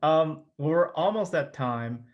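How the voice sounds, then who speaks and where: A man hosting an interview over a video call, asking questions and reacting with quick exclamations. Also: a little high, animated, highs cut off. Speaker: interview host.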